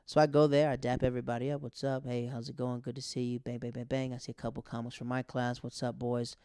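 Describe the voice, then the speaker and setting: A man's voice: mid-range voice, flat delivery, fast talker, darkish tone, clear, resonant tone, no room sound, studio quality. A man hosting his own podcast, a stand-up comic telling a loose, slangy story full of quoted dialogue. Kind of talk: casual storytelling monologue.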